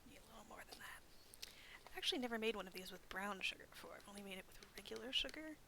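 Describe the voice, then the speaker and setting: A woman's voice: medium pitch, expressive, fast talker, gravelly, sharp tone, a little hiss or hum, low-quality recording. A young woman hosting a library craft demonstration, chatting casually and poking fun at herself, with lots of "um" and "like". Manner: chatty and self-deprecating, many fillers. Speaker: library program host.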